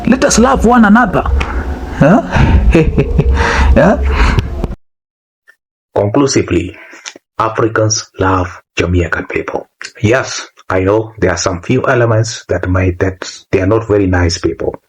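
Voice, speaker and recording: Big pitch swings and a breathy edge mark this lowish male voice, which moves at a measured pace. In Kenyan-accented English, he delivers a casual, sermon-like monologue to his YouTube audience, repeating himself and frequently asking "huh?".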